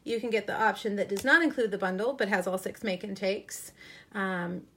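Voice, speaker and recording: A woman's voice: medium pitch, moderate pace, pushed and bright, husky. A middle-aged woman chatting casually on a live stream, showing crafts with enthusiastic asides and frequent ums.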